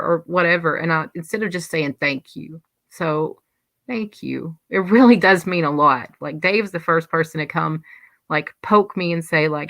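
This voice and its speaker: A woman's voice: sits low, normal speed, gravelly, fairly bright tone, no room sound. A woman hosting a livestream, chatting casually and rambling as she reads and answers live comments. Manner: rambling, chatty, many restarts. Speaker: livestream host.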